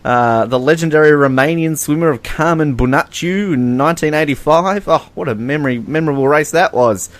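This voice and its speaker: A man's voice: a little high, fairly quick, hardly any pauses. Sarcastic Australian man chatting sport. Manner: sarcastic, laughing storyteller. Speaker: podcast co-host. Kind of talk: casual sports chat.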